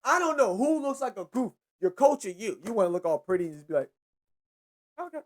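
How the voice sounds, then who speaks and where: A man's voice: high voice, fast. Young man ranting about football. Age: young adult. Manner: animated, profane and repetitive, slangy. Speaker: sports show host. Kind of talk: casual sports commentary rant.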